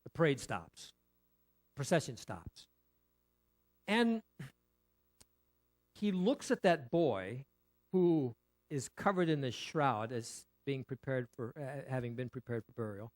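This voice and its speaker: A man's voice: mid-range voice, big pitch swings, slow pace, pauses often. A male pastor preaching a sermon in a conversational way, with rhetorical questions, repetition and frequent restarts.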